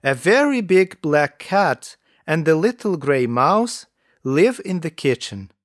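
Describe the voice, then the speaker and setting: Guy reading kids stories really slow, voice goes up and down a lot, dry close mic. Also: fairly high pitch, no room sound. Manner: slow, careful reading with lively intonation. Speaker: narrator. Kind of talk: slow narration for English learners.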